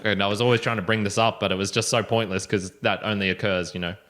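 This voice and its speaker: Podcast host guy, really deep voice, laid back, lots of um and uh. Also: quick pace. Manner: relaxed, hesitant, with many fillers and restarts. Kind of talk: casual podcast chat.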